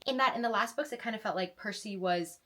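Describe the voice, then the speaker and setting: A woman's voice: medium pitch, fast, bright, forceful tone. A young woman reacting to a book she is reading, in an emotional, gushing way, often tripping over her words and starting again. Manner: gushing, emotional, self-interrupting with repeated restarts. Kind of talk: casual reading reaction vlog.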